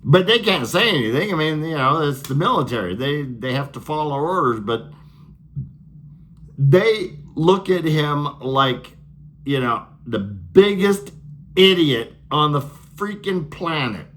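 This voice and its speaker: A man's voice: a little high, animated, measured pace, fairly bright tone. A man delivering a sarcastic, profane political rant, laughing at his own jokes. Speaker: political vlogger.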